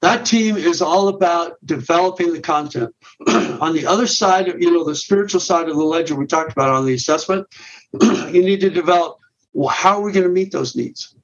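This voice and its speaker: On a podcast, a middle-aged guest who leads a men's ministry explains a ministry plan point by point at a moderate pace. His slightly high voice stumbles into restarts and repeated words. Everything sounds muffled and dull.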